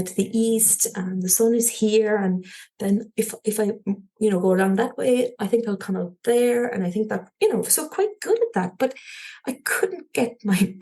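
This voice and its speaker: A woman with a Cork Irish accent, a podcast guest telling a personal story in an animated way, often laughing lightly and restarting her sentences. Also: mid-range voice, breathy edge. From Cork, Ireland.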